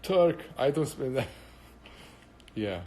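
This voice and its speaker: A man's voice: mid-range voice, expressive, takes it slowly, dark tone. A man from Brazil with a Brazilian Portuguese accent, chatting casually and answering viewer comments on a livestream, rambling and switching languages. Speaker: livestream host answering chat. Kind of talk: casual chat.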